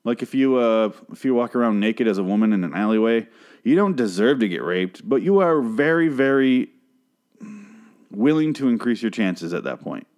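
A man recapping a TV episode in a casual monologue, rambling and profane, breaking off to act out the characters' lines in animated voices. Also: mid-range voice, normal speed. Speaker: show recapper.

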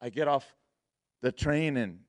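Young male preacher, casual storyteller, laughs a lot, mid-pitched, dry close mic. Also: animated, a little slow, no echo. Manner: laughing often, casual slang, quotes himself in dialogue. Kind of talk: sermon storytelling.

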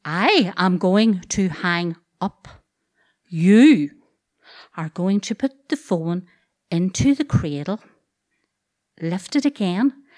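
A man's voice: sits high, darkish tone, pitched below the performer's own voice, exaggerated voice. A woman playing a stern fireman brother. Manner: slow, firm, step-by-step instructions. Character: stern older brother, a fireman, giving orders.

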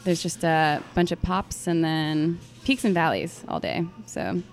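A young woman with a slightly low voice chats about her day at work. She speaks haltingly, restarting her sentences and padding them with "um" and "like". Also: animated, vocal fry, soft background music. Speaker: brewery staff. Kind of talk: casual chat.

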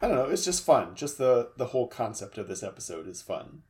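A man co-hosting a podcast in casual chat, laid-back and quick with asides. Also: medium pitch, sing-song, mellow, breathy edge. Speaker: podcast co-host.

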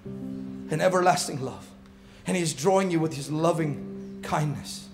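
A man preaching a sermon to his congregation, swinging between shouted fervor and hushed, intense passages. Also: on the high side, a little slow, music in the background. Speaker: pastor.

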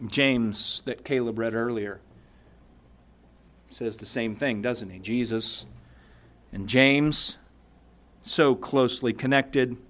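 A man's voice: medium pitch, slow, pauses often, fairly bright tone. A man preaching a sermon, emphatic, asking the congregation rhetorical questions and reading scripture aloud. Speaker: pastor.

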